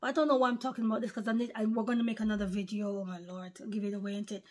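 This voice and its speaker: A woman's voice: medium pitch, flat delivery, very fast, darkish tone. A woman preaching informally to an online audience, emphatic and fond of rhetorical questions and repeated phrases. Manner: reads out viewer names one by one. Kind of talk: informal religious teaching to camera.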